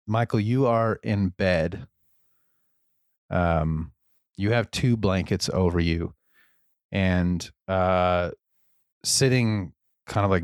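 Man, game master, deep voice, casual halting narration, dry close sound. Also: clear, resonant tone, no room sound. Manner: casual, hesitant with fillers.

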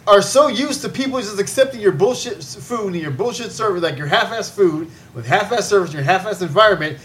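High voiced guy ranting and cussing on a podcast, slight background hiss. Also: expressive, brisk, a bit bright. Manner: profane, ranting, exasperated. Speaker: podcast host. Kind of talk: casual podcast rant.

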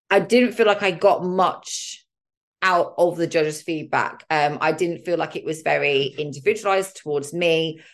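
A woman hosting a casual solo podcast, talking candidly with mild swearing and a lot of filler words. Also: sits low. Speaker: podcast host.

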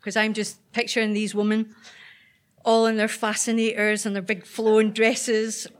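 A woman's voice: mid-range voice, monotone, normal speed. A Northern Irish woman telling a true personal story on stage at a live event, chatty and self-deprecating with frequent ums.

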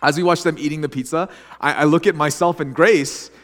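Chatty young pastor in a reverberant hall. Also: male voice, on the high side, fairly quick. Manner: chatty, animated anecdote telling. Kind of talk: sermon with casual storytelling.

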